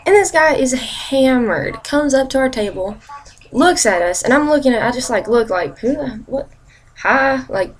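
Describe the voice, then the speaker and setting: A young woman in her twenties telling sarcastic, animated stories to her camera in a casual vlog. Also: high voice, moderate pace. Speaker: vlogger.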